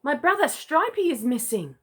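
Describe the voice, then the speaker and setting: A woman's voice: high-pitched, sing-song, normal speed, a bit bright, voice pushed up. A woman voicing a small female emu chick calling up to her dad, in a storybook. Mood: earnest. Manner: earnest, calling up.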